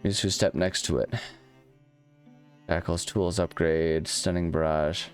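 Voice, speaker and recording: Deep-voiced man rambling through a game. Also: steady tone, a little slow, faint music behind. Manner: rambling, self-deprecating, many restarts. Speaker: let's-play host. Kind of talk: casual gameplay commentary.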